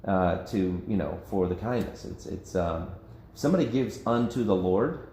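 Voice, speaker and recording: A man's voice: low voice, animated, normal speed, dark tone, reverberant, a little hiss or hum. A man leading an informal Bible study discussion as pastor, conversational and self-interrupting, often laughing. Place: church meeting room.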